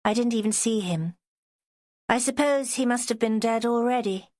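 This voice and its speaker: A woman's voice: fairly high pitch, moderate pace, a little mellow, no room sound, studio quality, pitched above the performer's own voice, natural voice. A woman voicing an imperious, airy woman with a posh southern English accent. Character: imperious, unsettled posh woman, calm and strange.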